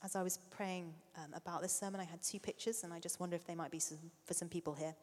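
A middle-aged woman preaching a sermon, an animated storyteller who sometimes drops to a soft near-whisper. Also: fairly low pitch, fast talker. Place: church hall. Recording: long reverb of a large hall.

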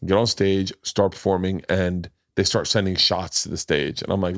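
A man's voice: low-pitched, steady tone, moderate pace, hardly any pauses, a bit bright, no room sound, studio quality. A man, a guest comedian, telling a stage story in casual chat and acting out the voices of people in it. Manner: acts out voices in punchy bits. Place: podcast studio.

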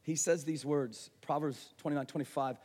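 A man preaching a passionate sermon, shifting between hushed, quiet moments and raised, urgent delivery. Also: on the high side, fairly even intonation, moderate pace. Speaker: pastor. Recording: reverberant hall.

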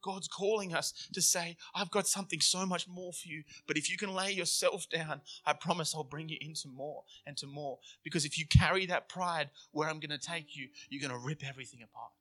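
A man's voice: on the high side, fairly quick, hardly any pauses, bright, forceful tone. A man preaching a sermon in an earnest, conversational way, slipping into acted inner voices to make his points. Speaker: pastor.

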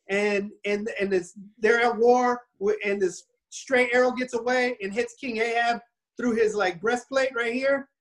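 A man casually retelling a Bible story in an animated, rambling way, often restarting his sentences. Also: very high-pitched, poor audio.

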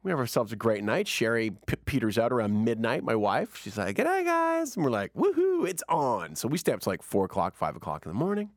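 Man host, casual chat, animated storyteller, bouncy delivery, dry studio sound. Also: fast, few pauses, no echo. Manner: animated, acts out quotes with big pitch jumps. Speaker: radio host.

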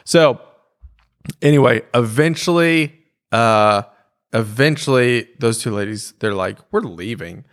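A man and comedy co-host casually telling an animated story from a club night, acting out the people in it. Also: medium pitch, unhurried, pauses often, clear, resonant tone. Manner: animated storyteller, acts out quoted voices. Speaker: stand-up comedian and podcast co-host.

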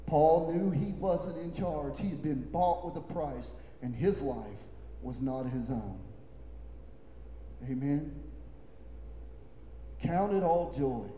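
A male pastor preaching a sermon in a church, emphatic and repetitive, dropping to low murmurs and rising to shouts. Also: animated, takes it slowly, long pauses, lo-fi sound, slight background noise. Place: church sanctuary. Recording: echoey hall with long reverb.

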